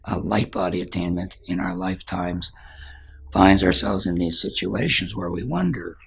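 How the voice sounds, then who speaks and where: A man's voice: sits low, moderate pace, creaky, a bit bright, slightly rough. A man giving a spiritual talk as a teacher, telling a story in an earnest way and dropping to a whisper at times.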